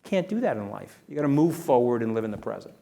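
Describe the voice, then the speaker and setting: A man, an interview guest telling animated stories in a punchy way, often tagging his lines with "okay?". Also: medium pitch, fast talker, gravelly. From New York. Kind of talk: animated storytelling.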